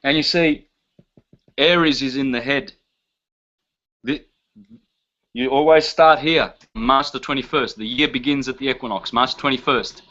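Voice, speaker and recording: A man gives a lecture with a bright, forceful edge, emphatic and insistent as he lists term after term and poses rhetorical questions. The sound is dull and lo-fi, like an old lecture tape. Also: mid-range voice, fairly even intonation, unhurried, pauses often. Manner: emphatic, listing terms one by one, rhetorical questions. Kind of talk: lecture to a live audience.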